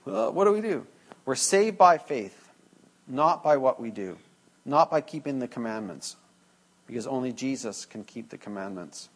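A man's voice: medium pitch, expressive, normal speed. Male pastor, conversational sermon delivery, storyteller who acts out dialogue. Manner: conversational, acts out dialogue with students, jokes with congregation.

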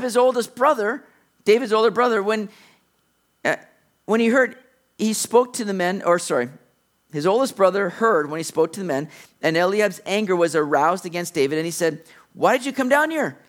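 A middle-aged male pastor preaching a sermon, animated, acting out the lines of the characters in the story he tells. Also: high-pitched.

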